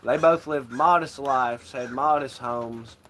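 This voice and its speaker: A man's voice: mid-range voice, slow, a bit bright, slight background noise. A man hosting a casual livestream, rambling and swearing freely and laughing often. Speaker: livestream host.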